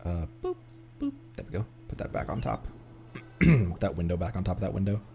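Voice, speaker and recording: A man's voice: low-pitched, huge pitch swings, brisk, mellow, soft background music. Chatty male game streamer. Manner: chatty, self-amused, laughs at himself. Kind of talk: casual gameplay commentary.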